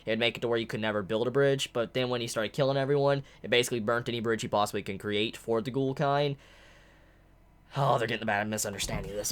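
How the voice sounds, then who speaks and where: A manga reviewer reacting aloud while reading a chapter, thinking out loud, restarting sentences and breaking into delighted shouts. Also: mid-range voice.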